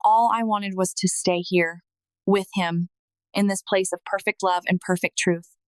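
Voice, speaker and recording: A woman narrating a scripted first-person testimony in a slow, emotional, earnest manner. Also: medium pitch, steady tone, dry recording.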